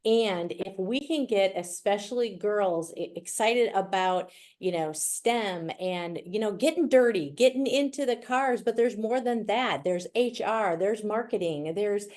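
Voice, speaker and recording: A woman's voice: mid-range voice, unhurried, few pauses, a little mellow. A middle-aged woman with a Wisconsin accent giving a chatty, playful presentation over a video call. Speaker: guest speaker. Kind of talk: virtual presentation.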